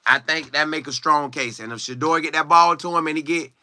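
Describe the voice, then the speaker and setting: Lively, bright-voiced man chatting with viewers. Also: on the high side, fairly quick, no room sound, studio quality. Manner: animated, chatty, sings and riffs, reads viewer comments aloud. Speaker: sports commentary streamer. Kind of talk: casual live-stream chat.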